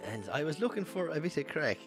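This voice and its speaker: A man's voice: very animated, over music. An Irish man putting on the voice of a rowdy Irish man boasting in a bar, broad and drawn out. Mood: hammy mimicry. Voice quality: drawn-out, broad, high and hammy.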